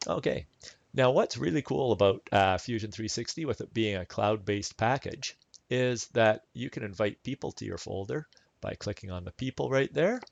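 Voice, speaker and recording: Gravelly guy walking thru a software tutorial, dry kinda dull mic sound. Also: lowish voice, moderate pace, dry recording. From Canada. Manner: relaxed, chatty step-by-step explaining with fillers. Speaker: instructor. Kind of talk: screen-recorded software tutorial.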